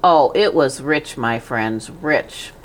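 A woman voicing a greedy, gluttonous male rat with a husky, hoarse voice and a smug, snarling manner. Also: rumbling low, slow, slight background noise, voice pushed down. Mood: smug, gloating.

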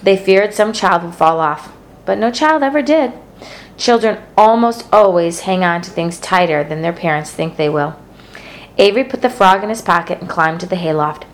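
A woman reading a children's novel aloud as narrator, with a steady, gentle delivery. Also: lowish voice, moderate pace. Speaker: storybook narrator.

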